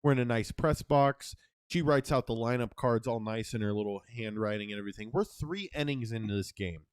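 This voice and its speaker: A young man co-hosting a casual podcast, telling a story in a profane, animated way. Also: mid-range voice, a little fast, clean tone, no room sound, clean studio sound. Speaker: podcast co-host.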